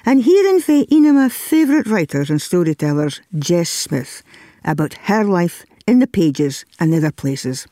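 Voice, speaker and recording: A man's voice: high voice, dark tone, no room sound, studio quality. A man with a Northeast Scots accent presenting a radio arts show and interviewing, with a lilting storytelling delivery. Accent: Northeast Scots (Doric).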